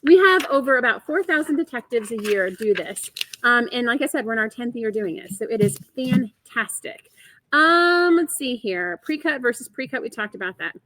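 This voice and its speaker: A woman's voice: on the high side, animated, moderate pace, bright, forceful tone, no room sound, poor audio. A woman hosting a live quilting show, chatty and enthusiastic as she explains the program and answers viewers in the chat. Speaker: host of a quilting shop livestream. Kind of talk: upbeat live product show.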